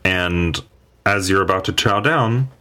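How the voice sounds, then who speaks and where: A man running a tabletop game as game master, narrating in a halting way with many pauses. His voice is very low and his delivery slow. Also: bright, forceful tone, slight background noise.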